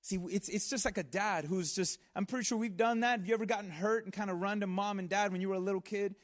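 A man preaching a sermon in a conversational, earnest way, with asides and restarts. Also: sits high. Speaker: pastor.

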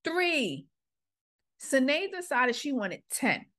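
A woman's voice: lowish voice, measured pace. A middle-aged woman, a former school principal, earnestly telling a personal story and acting out the quoted exchanges. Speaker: podcast host, former principal.

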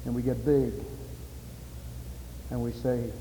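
A man preaching a sermon with impassioned delivery, building to loud climaxes. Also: medium pitch, flat delivery, slow pace, slight background noise. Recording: echoey hall with faint ambience.

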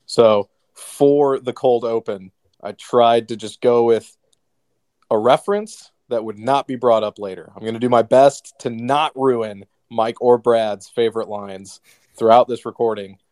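A man co-hosting a podcast, opening the show in a lively, upbeat way and steering casual chat. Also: medium pitch, a little slow, dry recording, studio quality. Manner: upbeat, energetic show opener. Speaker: podcast co-host.

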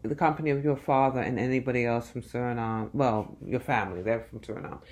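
A podcast host with a voice of middling pitch. They lead a casual interview, asking curious follow-up questions. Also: fairly even intonation, fast talker, darkish tone.

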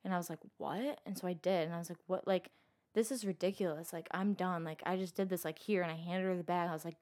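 A woman's voice: on the low side, steady tone, quick pace, a little mellow. A young woman telling a personal story in casual talk, rambling and saying "like" constantly. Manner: says "like" constantly, rambling and emotional. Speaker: interviewee telling her story.

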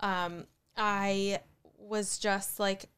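A woman's voice: medium pitch, little pitch movement, drawn-out words, fairly bright tone, clear, resonant tone. A young woman on a podcast, earnestly telling an emotional personal story in casual chat. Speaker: podcast co-host.

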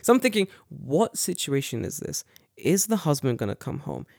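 A man's voice: on the high side, moderate pace, gravelly, dry recording, studio quality. A young man telling a story in casual chat, cursing freely and stumbling over repeated words. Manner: profane, animated, repeats words. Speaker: podcast storyteller.

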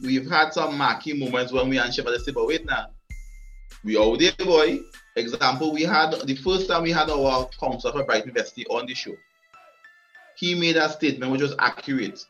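A man's voice: medium pitch, bright, forceful tone. A man hosting a live show, talking emphatically and repeating words as he builds his points. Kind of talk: casual chat. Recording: dull lo-fi audio.

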